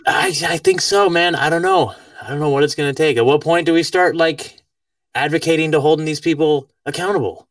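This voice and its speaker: A man's voice: on the high side, sing-song, fairly quick, no echo. A man hosting a podcast in casual conversation, rambling with lots of filler words and easy laughter. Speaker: podcast host. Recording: dry, distant from the mic.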